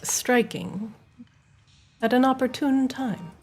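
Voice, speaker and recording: A woman running a tabletop game as dungeon master, narrating in a slow, suspenseful way. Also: fairly high pitch, soft background music.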